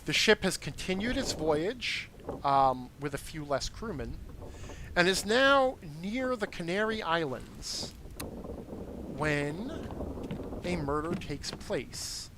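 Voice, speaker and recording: A man's voice: on the high side, big pitch swings, takes it slowly, background noise. A man streaming a game, giving patient, methodical commentary that explains details step by step and answers his chat. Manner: reads and answers live chat.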